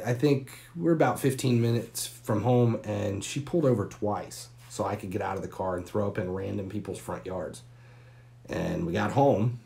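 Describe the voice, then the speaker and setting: A man in his forties hosting a live stream, telling a long, candid and profane story with pauses and fillers. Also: low-pitched, vocal fry, dark tone.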